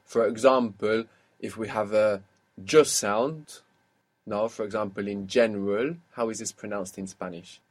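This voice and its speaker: A man's voice: on the low side, little pitch movement, moderate pace. A man teaching an audio language lesson, explaining patiently and quizzing his student.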